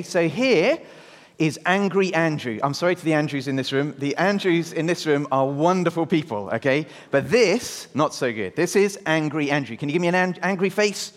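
A man with a notably high voice preaching to a church congregation, telling a story and asking the room questions as he goes. His voice carries into a long, reverberant hall. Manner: lively, engaging the congregation with questions. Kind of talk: all-age church talk with storytelling.

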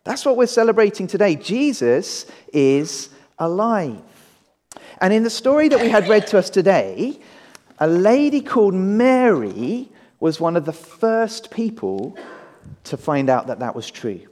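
A man's voice: high-pitched, normal speed. Upbeat male pastor in a church. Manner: lively, addresses children and adults. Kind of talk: family Easter sermon. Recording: church hall reverb.

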